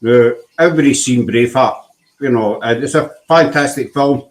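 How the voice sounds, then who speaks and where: Scottish male host, casual and chatty, self-deprecating, mid pitch. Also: moderate pace, rough recording. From Scotland. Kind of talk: casual chat.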